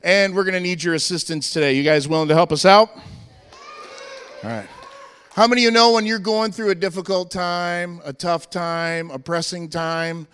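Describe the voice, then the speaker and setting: A man's voice: high-pitched, fairly even intonation, moderate pace, a bit bright, smooth, in a large hall. Hyped American man rallying a church crowd. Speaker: touring strength team presenter. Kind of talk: energetic church stage presentation. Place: church hall with live audience. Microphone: handheld microphone.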